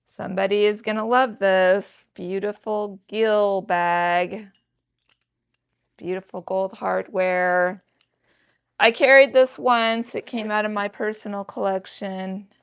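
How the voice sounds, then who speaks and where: A woman in her sixties talks through her thrift finds in a relaxed, unhurried way. Her voice is smooth and clear, and she speaks straight to her viewers with chatty enthusiasm, like a casual home vlog. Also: mid-range voice. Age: 60s. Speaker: thrift reseller vlogger.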